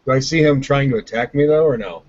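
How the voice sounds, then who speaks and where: A man's voice: medium pitch, fast, a little mellow. A man playing in a tabletop game, playful and full of rules questions. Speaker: player. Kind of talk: casual tabletop play. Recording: dull lo-fi recording.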